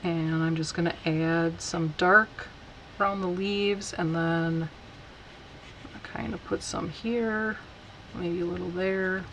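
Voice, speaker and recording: Lady chatting slow through a stamping tutorial at home, lowish voice, noisy room. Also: fairly even intonation, fairly bright tone. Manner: chatty and unhurried, talks while working. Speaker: card-making instructor.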